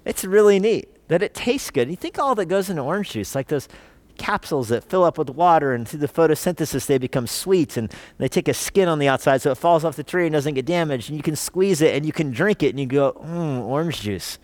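Animated man preaching a sermon. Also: on the high side, quick pace, no echo. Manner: animated, conversational preaching with rhetorical questions. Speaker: pastor. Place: church.

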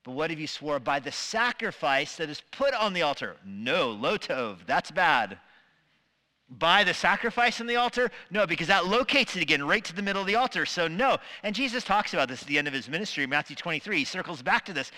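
Bright-voiced male preacher in a reverberant hall. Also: sits high, brisk. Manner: animated, acts out quoted voices. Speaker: pastor. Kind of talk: sermon. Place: church sanctuary.

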